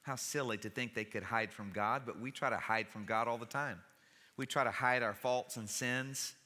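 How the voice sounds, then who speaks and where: A man delivers a sermon in a church, with a bright, forceful voice. He talks conversationally and slips in dry jokes, and the sound carries a long hall reverb. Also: mid-range voice. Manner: conversational preaching with wry humor. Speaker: pastor. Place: church sanctuary.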